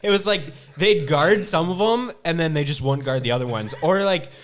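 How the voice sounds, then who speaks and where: A man in his twenties chatting casually, relaxed and filling his speech with "like.". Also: on the high side, moderate pace, slight background noise. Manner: relaxed, says "like" constantly. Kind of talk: casual chat.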